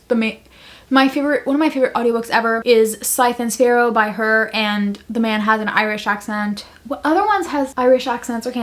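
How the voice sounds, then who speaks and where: A woman in her twenties from Canada, casually chatting through a monthly book wrap-up, gushing and rambling with lots of fillers and restarts. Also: fairly high pitch. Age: 20s. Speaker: book vlogger.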